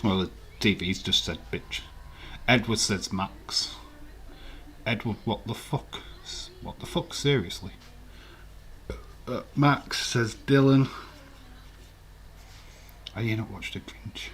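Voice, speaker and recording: A man's voice: lowish voice, slow pace, long pauses, a bit bright. A man hosting a casual quiz live stream, reading out viewers' answers and swearing now and then.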